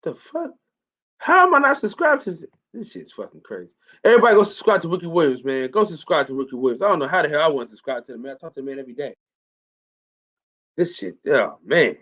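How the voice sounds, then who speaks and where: A man's voice: fairly high pitch, very animated, quick pace, fairly bright tone. A man hosting a live stream in casual chat, loose and profane, repeating himself often. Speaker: host. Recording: muffled lo-fi stream audio.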